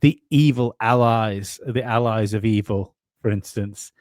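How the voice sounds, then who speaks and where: A man's voice: lowish voice, unhurried, darkish tone, dry recording, studio quality. A man co-hosting a casual conspiracy podcast, rambling and swearing, often restarting his sentences. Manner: rambling, profane, many restarts. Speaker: podcast co-host.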